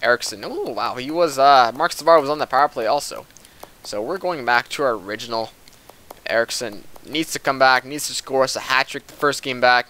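A young man with a bright, forceful voice talks his way through a hockey video game. His commentary is casual and excitable, and he calls out to the players on screen as if they could hear him. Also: mid-range voice, a little fast. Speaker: gaming commentator.

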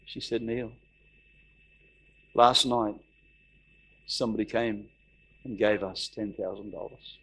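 A middle-aged Australian pastor preaches a sermon, telling a story and acting out the voices of its characters. He's animated and repeats phrases, though his low-ish, slightly rough voice moves slowly with long pauses.

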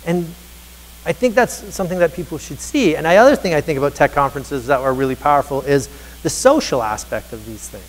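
A man's voice: fairly high pitch, fairly quick. A man giving a motivational keynote to educators, telling stories and acting out the dialogue with energy. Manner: energetic storyteller, acts out dialogue. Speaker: keynote speaker on teacher happiness. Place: large conference hall. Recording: reverberant hall.

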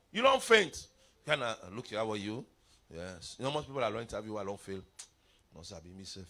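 A middle-aged man preaching a revival sermon, mixing pidgin into his English with sudden shouts and playful asides. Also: fairly low pitch.

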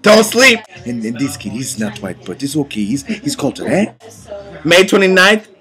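A man announcing tour dates in a joking, hyped-up comic style, laughing and shouting catchphrases. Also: mid-range voice, sing-song, moderate pace, faint music behind. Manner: hyped, joking, repeated shouted "Don't sleep!"; laughs between lines, playful slang. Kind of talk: jokey hype announcement.

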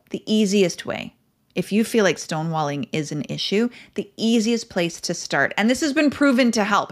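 Earnest woman podcast host. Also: medium pitch. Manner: earnest and reflective, candid. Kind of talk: casual advice talk.

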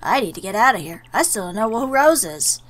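A woman's voice: mid-range voice, very animated, brisk. A young woman playing a video game and commenting, exasperated and swearing at it. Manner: exasperated, swears at the game, reads game text aloud. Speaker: let's play gamer. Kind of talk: let's play commentary. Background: faint game music.

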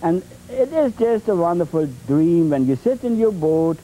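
A man demonstrating oil painting on a 1980s TV show, talking in a halting, repetitive way with many fillers and playful folksy phrases. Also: high-pitched, expressive, dark tone, a little hiss or hum, low-quality recording. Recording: 1980s TV tape transfer.

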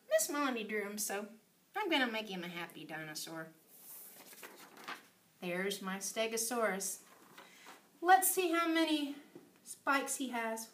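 A woman leads a preschool circle time in a high, lively voice that swoops up and down. She talks slowly and brightly in a sing-song way, sometimes dropping into a hush. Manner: sing-song, exaggerated storytelling with sudden whispers and shouts. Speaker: preschool teacher. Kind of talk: circle time lesson for young children.

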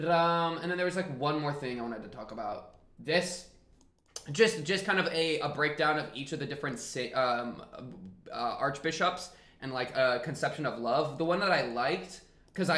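Male reaction host, bright slightly high voice, loose rambling commentary, echoey room. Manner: rambling, animated and jokey, then winds down to a quieter reflective tone. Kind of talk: casual commentary to camera.

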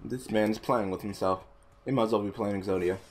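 A young man giving casual gameplay commentary, swearing and ranting in exasperation, swinging between mumbled asides and loud outbursts. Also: on the low side, steady tone, fairly quick. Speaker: gaming channel host.

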